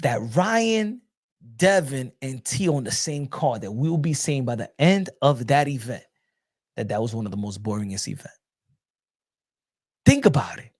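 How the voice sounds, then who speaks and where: A man's voice: mid-range voice, lively intonation, normal speed. A man hosting a boxing show, ranting casually and profanely, with lots of repetition. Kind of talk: casual commentary rant.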